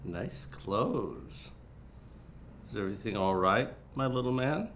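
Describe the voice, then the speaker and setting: A man plays a pompous film director in a student film who talks down to his cast. His voice sits low and he drags his words out slowly. A faint hiss runs under the scene. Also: animated. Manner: condescending, coaching tone. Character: pompous, self-important male film director.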